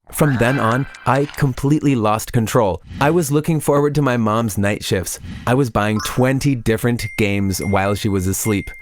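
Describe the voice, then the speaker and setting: A man's voice: mid-range voice, slight background noise. Man narrating a first-person confession. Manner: plain confessional storytelling.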